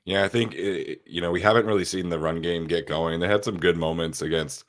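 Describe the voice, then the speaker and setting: Sick male podcast host: deep, stuffy and nasal, easygoing, lots of ums. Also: brisk. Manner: relaxed, with frequent fillers. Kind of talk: casual sports podcast chat.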